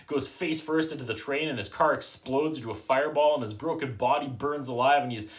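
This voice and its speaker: A man hosting a podcast, recapping a movie in a casual, sarcastic way, often trailing off softly at the end of a thought. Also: medium pitch. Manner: dry, joking, quotes characters in quick put-on voices. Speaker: podcast host reviewing a movie.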